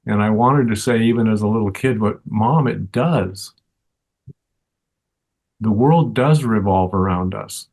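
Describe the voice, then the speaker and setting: An older man, a teacher, answering interview questions in a slow, earnest and reflective way. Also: fairly low pitch, darkish tone.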